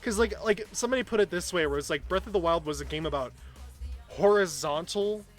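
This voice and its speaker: Streamer, male, slightly high voice, chatty and rambling, faint music bed. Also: fairly quick. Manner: chatty, rambling, self-deprecating. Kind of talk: casual chat while gaming.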